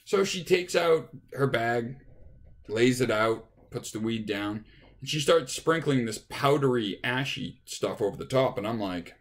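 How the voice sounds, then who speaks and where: A man's voice: medium pitch, expressive, a little slow. Man rambling through a road story. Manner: rambling, with restarts and acted-out quotes. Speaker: touring musician telling an anecdote. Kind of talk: casual storytelling.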